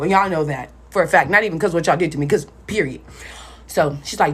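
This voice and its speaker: A woman's voice: low-pitched, brisk, husky. A young woman telling a personal story in a casual storytime vlog, blunt and profane, talking straight to her viewers.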